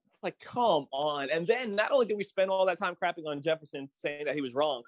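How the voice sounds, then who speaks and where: A man's voice: fairly high pitch, fast, no echo. A man co-hosting a podcast, chatting casually about a show with emphatic, exasperated jokes. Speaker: podcast co-host. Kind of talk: casual recap chat.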